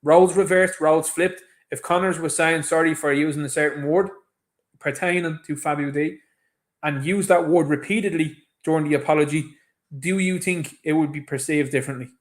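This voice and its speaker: Irish male host, somewhat high-pitched, emphatic opinion commentary, mocks others. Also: fairly even intonation, moderate pace. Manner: emphatic, indignant, mimics others mockingly. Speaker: show host. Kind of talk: opinion commentary on a played clip.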